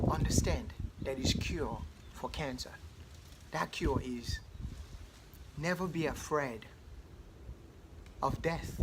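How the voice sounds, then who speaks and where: A man with a slightly raised voice preaching emphatically in loose, informal speech. He gives a spiritual motivational talk, and heavy background noise runs under the whole recording. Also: fairly high pitch. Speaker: spiritual speaker.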